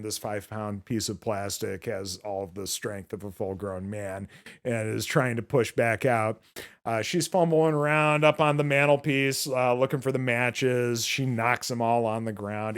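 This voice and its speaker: A man's voice: medium pitch, fairly bright tone, smooth. A man hosting a podcast, recapping a film in casual chat, rambling with many filler words and free swearing. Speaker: podcast host.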